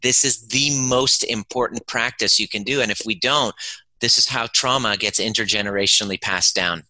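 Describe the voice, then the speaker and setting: Earnest male podcast guest, low and very bright voice, dry close-mic sound. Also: normal speed, dry recording, low-quality recording. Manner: earnest, emphatic, acts out dialogue in his stories. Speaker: podcast guest, emotional healing teacher. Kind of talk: conversational interview, storytelling.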